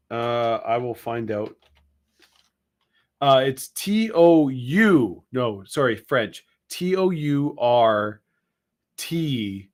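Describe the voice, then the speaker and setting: Slow-talking guy co-hosting a live stream, rambly and jokey. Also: mid-range voice. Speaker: co-host. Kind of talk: casual live-stream chat.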